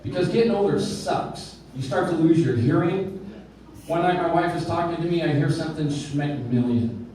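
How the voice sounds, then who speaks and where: A man's voice: on the high side, moderate pace, warm tone, distant mic, a little hiss or hum. A man doing a stand-up comedy set, telling self-mocking stories in a dry way on a club stage. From Arizona. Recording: very echoey room, heard from afar.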